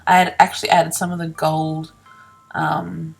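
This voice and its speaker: A woman's voice: deep voice, flat delivery, measured pace, vocal fry, husky, soft background music. A woman casually narrating her scrapbooking process in a chatty, self-deprecating way, laughing often and yawning early in the morning. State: sleepy, yawning. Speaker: scrapbooking vlogger.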